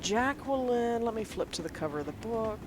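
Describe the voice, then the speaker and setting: A woman chatting casually as a player in a tabletop game, laughing often and breaking into quick asides. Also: fairly high pitch, animated, noisy background.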